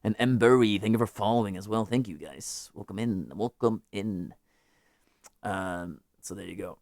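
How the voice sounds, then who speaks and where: A man's voice: on the low side, moderate pace, a little mellow, no room sound, studio quality. A man hosting a live music stream, chatting casually with viewers, rambling and joking as he interrupts himself. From United States.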